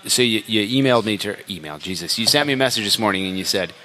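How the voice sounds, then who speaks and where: A man hosting a loose podcast chat, ribbing his guest with jokes and the odd curse. His voice is bright and forceful and moves around a lot in pitch. He talks in easy casual banter. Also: animated, quick pace. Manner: joking, teasing, swears freely. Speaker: podcast host.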